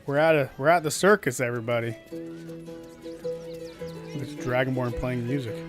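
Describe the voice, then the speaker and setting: A man's voice: mid-range voice, a little slow, music in the background. A man casually commenting and joking as he plays through a video game. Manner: chatty, joking asides. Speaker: game streamer. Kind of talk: casual let's-play commentary.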